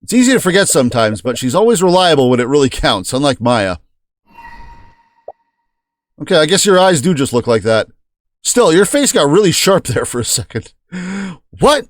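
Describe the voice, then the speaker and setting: A man's voice: a little high, big pitch swings, normal speed, long pauses, no room sound, studio quality. A man streaming a game playthrough, joking and reading the game's text aloud.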